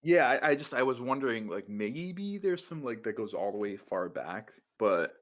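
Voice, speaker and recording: A man's voice: medium pitch, very animated, normal speed. A man co-hosting a podcast, musing about a film in a rambling, hedging way. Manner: rambling, hedging, trails off often. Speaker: podcast co-host. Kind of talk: casual chat about a film.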